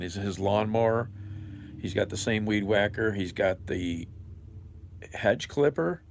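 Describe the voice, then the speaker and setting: A man with a deep, gravelly voice talks at an unhurried pace. He rambles in casual livestream chat, chuckling as he answers viewers. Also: darkish tone. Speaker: live streamer.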